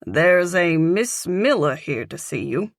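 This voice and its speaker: A polite male hotel concierge, voiced by a woman, formal and courteous at the front desk of a storybook building. He speaks slowly, in a measured way. The sound is close and dry. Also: fairly low pitch, sing-song, creaky, no echo, heavily acted.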